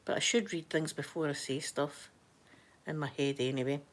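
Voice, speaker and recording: A woman's voice: low-pitched, steady tone, moderate pace. Chatty Scottish woman streaming live. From Scotland. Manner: chatty, rambling storyteller who laughs a lot. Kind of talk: casual live-stream chat.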